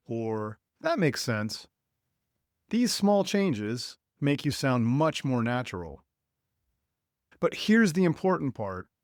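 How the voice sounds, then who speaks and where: A man gives a measured, unhurried podcast lesson to English learners, his pitch rising and falling expressively. His delivery is clear and deliberate, with plenty of space between phrases. The sound is close and dry, with no room around it. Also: no room sound. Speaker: podcast host and English teacher.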